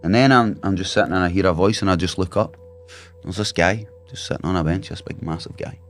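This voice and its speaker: A man's voice: low-pitched, fast, soft background music. A man telling vivid, swearing anecdotes in a casual chat as a guest.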